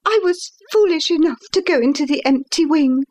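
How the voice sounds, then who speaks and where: A woman's voice: high-pitched, normal speed, voice pushed up, lightly acted. A woman voicing a frightened young governess. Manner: anxious, breathless pleading.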